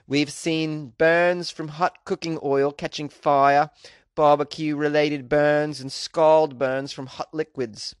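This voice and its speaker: A man reading out a quote in a deliberately bad Australian accent, as an earnest female burns doctor. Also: fairly high pitch, little pitch movement, smooth, no echo, clean studio sound. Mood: earnest warning. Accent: mock Australian, badly done.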